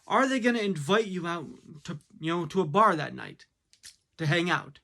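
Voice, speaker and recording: A man's voice: sits high, expressive, normal speed, gravelly, sharp tone. A man giving a blunt, casual opinion monologue, full of fillers and rhetorical questions. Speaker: commentator.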